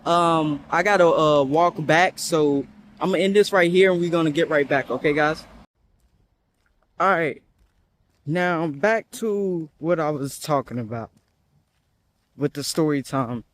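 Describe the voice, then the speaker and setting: Young male vlogger, animated and chatty, high voice, recorded while walking outdoors. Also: measured pace, long pauses. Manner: animated, chatty, jumpy and nervous. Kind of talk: casual story-time vlog.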